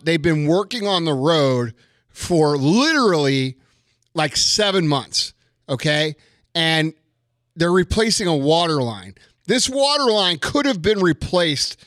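A young man telling a story and ranting to his listeners, heated and profane, building into a forceful lesson. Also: fairly high pitch, dry recording. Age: young adult.

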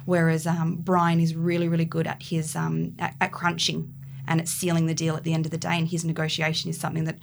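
A young woman with a low voice and a gravelly edge talks about her work as an agent. She is chatty and thinks out loud. The recording has a faint noise floor. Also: monotone, a little fast. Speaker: real estate agent. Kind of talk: podcast interview.

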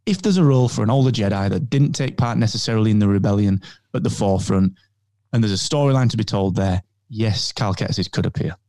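A man talks loosely and playfully, wandering off into jokes as he co-hosts a podcast. His voice is soft and mellow, recorded close and dry with no room around it. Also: lowish voice, fast talker, no echo. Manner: rambling, jokey banter. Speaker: podcast co-host. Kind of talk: casual chat.

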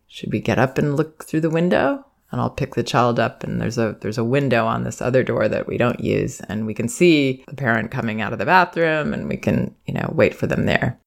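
A woman with a slightly gravelly, fry-touched voice talks through parenting advice in an unhurried monologue. She sounds gentle and reflective. Now and then she slips into the soft, soothing phrases a parent might say to a child. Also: a bass voice. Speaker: parenting educator and podcast host.

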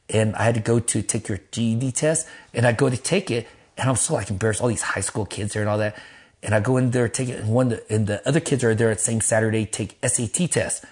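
A middle-aged man, a pastor, telling his life story in an interview in a lively, casual way, acting out quotes in a raised voice and cursing freely. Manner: animated, acts out quotes in a high voice, laughs, swears casually.

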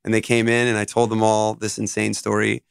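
A man talking as a guest on an interview show, his voice smooth and resonant in a dry, close space. He tells stories in a loose, rambling, animated way, full of casual asides. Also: on the low side, brisk, no room sound. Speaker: guest musician.

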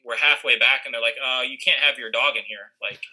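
A man's voice: mid-range voice, a little fast, bright, forceful tone, low-quality recording. A young man casually telling a rambling story, full of fillers and restarts, acting out what others said. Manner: rambling, many fillers and restarts, acts out quoted lines.

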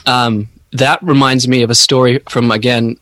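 A man talking slowly and haltingly in a reflective podcast conversation, searching for his words. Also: mid-range voice, steady tone, a bit bright, dry recording.

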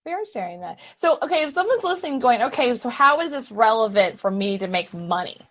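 Woman, podcast host, chatty, animated, in her studio. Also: fairly high pitch, fast. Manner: chatty, animated, pushes back. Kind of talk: casual interview chat.

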